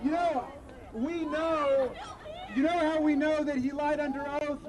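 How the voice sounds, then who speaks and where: A man's voice: very high-pitched, steady tone, unhurried. A man giving an impassioned protest speech outdoors, leading call-and-response chants with sarcastic jabs. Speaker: rally speaker. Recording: crowd noise outdoors. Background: crowd and street noise.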